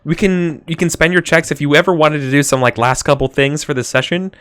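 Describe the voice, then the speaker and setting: A man running a tabletop game as game master, speaking haltingly with many "um"s and restarts. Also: on the high side, fairly bright tone, clear, resonant tone, no room sound, studio quality.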